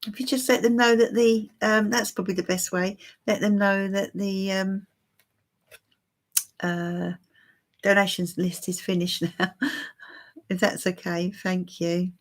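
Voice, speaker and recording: Slow, musing woman reading tarot. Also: mid-range voice, little pitch movement. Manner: slow, musing, hesitant with many fillers. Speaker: tarot reader. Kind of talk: live-stream tarot reading.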